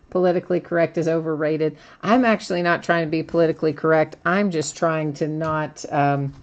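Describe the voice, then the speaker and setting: A woman with a low voice hosts a live trading-card break. She chats casually, laughs often and reads out viewers' comments as she opens packs. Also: darkish tone. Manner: chatty, laughs often, reads chat aloud.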